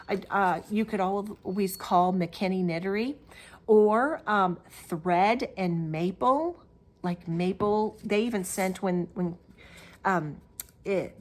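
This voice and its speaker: A middle-aged woman hosting a crafting video, talking casually and rambling with lots of fillers and restarts. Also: medium pitch. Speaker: Flosstube host. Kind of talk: casual show-and-tell vlog.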